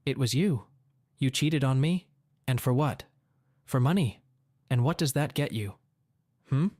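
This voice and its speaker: A man's voice: mid-range voice, lively intonation, a little slow, darkish tone, dry recording, studio quality. A man voicing a blunt, confrontational middle-aged father in a story reading. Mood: angry.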